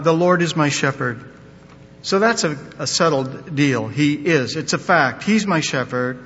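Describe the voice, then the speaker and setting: A man's voice: a bit bright, slightly rough. An older man preaching a sermon in a folksy, emphatic way, mixing scripture with corny jokes. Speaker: pastor. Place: church sanctuary. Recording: dull long-reverb hall with faint rumble.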